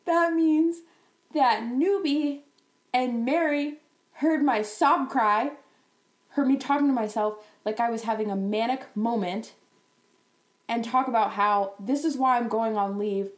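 Woman, storytime rant, exasperated, slightly high voice, laughs between lines. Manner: animated, exasperated, laughs while talking. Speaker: bank teller.

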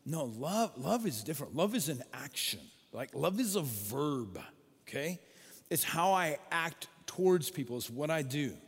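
A male pastor preaching a sermon, telling stories in an animated way and acting out the voices in them. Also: a little high, unhurried, slightly rough. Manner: animated storytelling, acts out quoted voices. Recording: long hall reverb.

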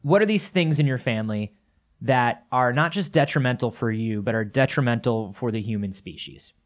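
A man's voice: mid-range voice, moderate pace. A man co-hosting a casual chat, joking and profane, rambling through his points.

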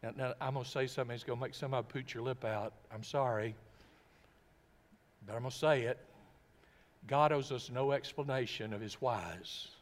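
A man's voice: medium pitch, normal speed, pauses often. A male pastor preaching a sermon in a church sanctuary, emphatic and full of rhetorical questions. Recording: long reverb of a church hall.

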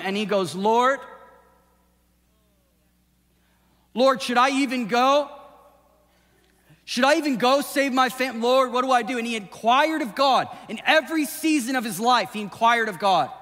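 Preaching pastor in a reverberant hall. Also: male voice, high voice. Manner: builds to impassioned shouting, then drops to a hushed intimate tone. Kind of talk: sermon. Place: church sanctuary. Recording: long hall reverb with soft music behind.

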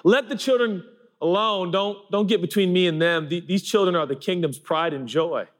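A man's voice: high-pitched, moderate pace, voice pushed up, natural voice. A man acting out Jesus as an adult man, eagerly calling children and parents over in a raised, urgent voice. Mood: insistent.

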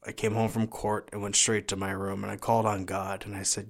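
Man, somewhat low voice, personal testimony, earnest, halting, repeats words. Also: little pitch movement, gravelly. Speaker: guest sharing his life story.

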